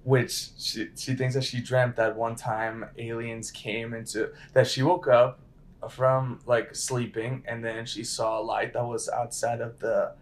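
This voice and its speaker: A man in easy conversation, circling his point with lots of fillers and restarts. His voice sits at an everyday middle pitch. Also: flat delivery, a little slow. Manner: hesitant, filler-heavy storytelling. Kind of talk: casual chat.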